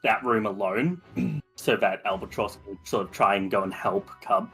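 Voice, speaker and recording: Husky-voiced hesitant male player. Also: fairly low pitch, moderate pace, fairly bright tone, faint music behind, poor audio. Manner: hesitant, trailing off. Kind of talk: casual tabletop play chat.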